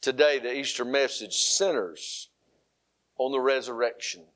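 A middle-aged male pastor preaching an animated sermon, moving between loud, emphatic lines and softer, quiet ones. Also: mid-range voice, unhurried.

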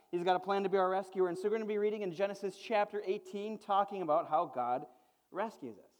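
High-voiced pastor preaching in a reverberant hall. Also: male voice. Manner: animated, conversational preaching with quick auctioneer-style imitations. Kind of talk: sermon. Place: church sanctuary.

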